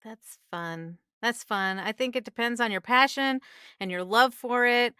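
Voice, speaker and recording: A woman, a singer and voice actress, chatting as a podcast guest, animated and laughing often. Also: fairly high pitch, a little slow, clean tone, no room sound, studio quality. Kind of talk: casual interview chat.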